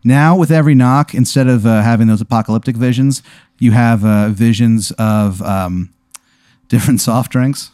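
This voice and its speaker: A man spins an improvised story in a loose, rambling way, full of pauses and fillers. His voice is mellow and relaxed. The recording is dry and close. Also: mid-range voice, clean tone, no room sound, soft background music. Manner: laid-back, rambling with fillers. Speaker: storyteller posing a hypothetical.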